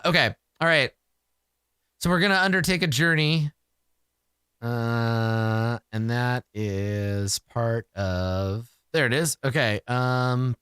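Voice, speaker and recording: A man talking himself through a solo tabletop game, grumbling and joking at his own bad luck. He speaks slowly, with a bright, crisp tone and big swings in pitch. The sound is dry and close. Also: no echo. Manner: self-mocking, exasperated, swears. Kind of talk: solo game playthrough, thinking aloud.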